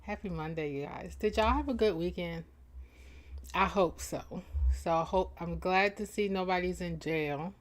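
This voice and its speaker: A woman's voice: fairly low pitch, measured pace. A woman hosting a casual livestream, greeting viewers by name with playful, teasing banter and frequent laughter. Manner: laughs often between lines. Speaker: livestream host and chat moderator.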